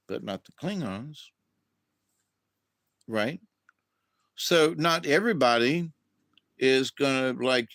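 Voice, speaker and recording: Slow rambling man on a livestream. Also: mid-range voice, animated, a bit bright, no echo. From southern United States. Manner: drawn-out, rambling, with restarts and acted-out quotes. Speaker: livestream host. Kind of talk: rambling casual livestream chat.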